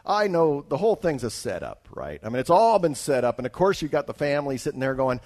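A man's voice: mid-range voice, big pitch swings, fast, a little mellow. Man from Alaska telling a testimony story. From Alaska, United States. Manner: conversational, frequent restarts and asides to listeners. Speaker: traveling evangelist.

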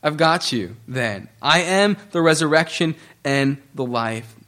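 Earnest higher-voiced male preacher. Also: expressive, measured pace, a bit bright. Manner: earnest preaching with restarts, reading scripture aloud. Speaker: pastor. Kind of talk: sermon.

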